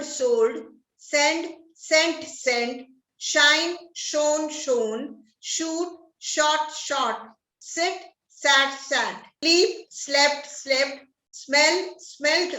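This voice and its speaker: Slow, high-voiced woman teacher reciting. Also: sharp tone. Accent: Indian English. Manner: slow, drilled recitation of word lists. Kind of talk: reading a verb list aloud. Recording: roomy echo, distant mic.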